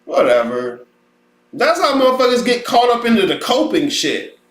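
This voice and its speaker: A man's voice: extremely high pitch, very animated, brisk, fairly bright tone. A man hosting a podcast, ranting bluntly and profanely in casual talk and sometimes mocking other people's voices. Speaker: podcast host. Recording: roomy echo.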